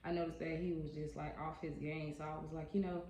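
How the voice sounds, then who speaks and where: Young woman, casual storytime vlog, chatty, talks straight to viewers, low mellow voice, echoey dull room. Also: a little fast. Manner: chatty, addresses viewers directly, expressive. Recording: dull echoey room recording, faint hiss.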